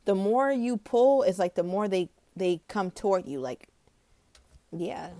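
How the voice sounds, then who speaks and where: Female tarot reader, mid-pitched, dry close mic, animated and chatty. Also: measured pace, no room sound. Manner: animated, chatty, laughs often, dramatic emphasis. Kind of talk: casual tarot reading monologue.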